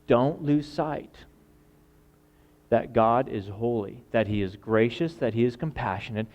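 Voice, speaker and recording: A male pastor preaching a sermon, acting out voices and swinging from loud outbursts to hushed lines. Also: medium pitch, a little slow, lo-fi sound. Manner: dramatic, acts out quoted voices, swings from loud to quiet.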